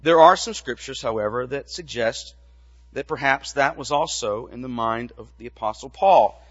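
A man's voice: mid-range voice, fairly bright tone, lo-fi sound. Man preaching in a reverberant church. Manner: measured teaching with rhetorical questions. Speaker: pastor. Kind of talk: sermon.

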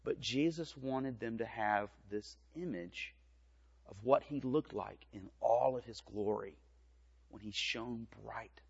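A middle-aged man, a pastor, giving a gentle children's sermon in a church, telling a story in simple words. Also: mid-range voice, slow pace, creaky, husky. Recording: reverberant church, dull lo-fi sound.

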